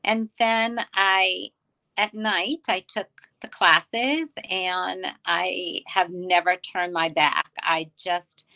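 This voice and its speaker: An older woman from New York, chatting as an interview guest. Her voice is bright and forward, sitting a touch low for a woman, and she tells her story in quick, easy bursts. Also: steady tone, creaky. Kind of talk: casual interview chat.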